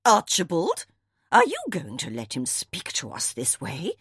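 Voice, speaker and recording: A proud, imperious old grandmother from an audiobook, read by a woman. Her clipped, formal lines come in a low voice, recorded dry. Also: wildly swooping pitch, a little slow, fairly bright tone, slightly rough, dry recording, exaggerated voice. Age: older.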